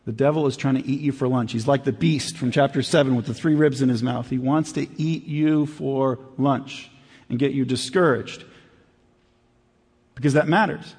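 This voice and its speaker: A man preaching a sermon as pastor, in a conversational way that drops low and quiet for emphasis. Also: moderate pace, slightly rough, big-room sound.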